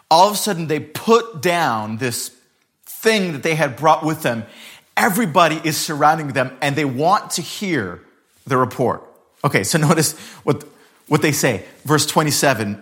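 A man with a somewhat high voice preaches a sermon. He tells scripture as a vivid story, slowing down and speeding up and rising and falling in loudness for effect. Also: expressive. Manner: dramatic storytelling, shifting pace and volume. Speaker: pastor.

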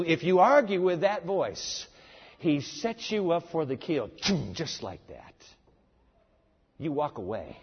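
A man preaching a sermon. He is emphatic and dramatic, and swings between loud stress and near-murmurs. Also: high voice, lively intonation, a little slow. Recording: echoey hall, dull lo-fi sound.

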